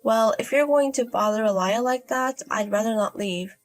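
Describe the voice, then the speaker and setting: A woman voicing an unbothered young woman who gambles, speaking in a low-key deadpan way in a storybook. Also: normal speed, close to an everyday voice.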